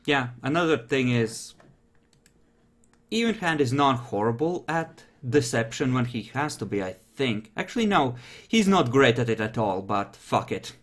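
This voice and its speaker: A man narrating a tabletop game as game master, laid-back and foul-mouthed. His voice sits in an ordinary middle pitch, and he describes the action in a loose, offhand way. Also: expressive, moderate pace. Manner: casual, swears freely, offhand narration.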